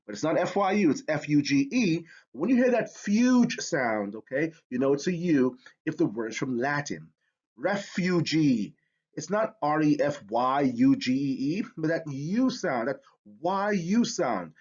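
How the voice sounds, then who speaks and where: A man leads a spelling lesson with a husky, slightly raised voice that swings up and down constantly. He is energetic and emphatic, stretching out words to sound them out. The recording is dull and lo-fi. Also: a little high, moderate pace, hardly any pauses. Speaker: teacher.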